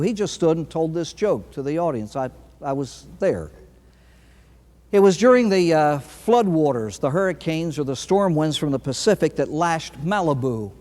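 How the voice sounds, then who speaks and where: A man, a priest, giving a recovery talk full of anecdotes, telling his stories dramatically with long pauses and sudden emphasis. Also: fairly high pitch, darkish tone. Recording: long hall reverb.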